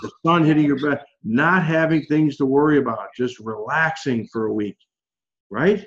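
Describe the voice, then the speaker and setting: A man's voice: on the high side, normal speed, fairly bright tone, lo-fi sound. A man leading a casual group coaching call, talking in a chatty, encouraging way with lots of fillers.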